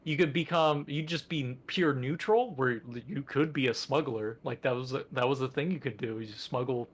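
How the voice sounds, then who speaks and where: A man's voice: mid-range voice, moderate pace. A man co-hosting a podcast in casual chat, rambling with enthusiasm and lots of fillers. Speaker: podcast co-host.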